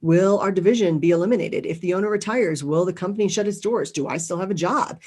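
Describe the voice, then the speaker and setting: A middle-aged woman giving a motivational talk on leadership, lively and acting out quoted people. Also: lowish voice, fast, husky. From United States. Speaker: leadership speaker.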